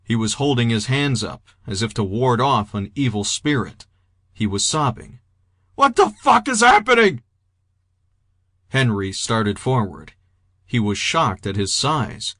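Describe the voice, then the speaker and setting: A man reading a novel aloud in a steady, even audiobook narration. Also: on the low side, measured pace, no room sound, clean studio sound. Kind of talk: scripted narration.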